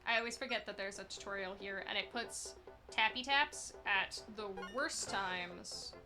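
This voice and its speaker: A woman's voice: mid-range voice, a little slow, music in the background. A woman streaming a speedrun, chatting loosely and answering chat as she plays, self-deprecating and giggly. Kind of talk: casual live gameplay commentary.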